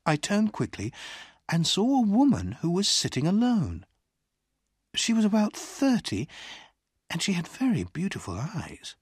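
An audiobook narrator reading a story in clear, deliberate first person on a close studio mic. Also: mid-range voice, wildly swooping pitch, no echo. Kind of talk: scripted narration.

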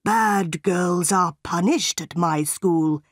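Storybook villain: woman reading a stern, solemn schoolmaster, slow and dry. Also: fairly low pitch, no echo. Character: stern cruel tall male schoolmaster.

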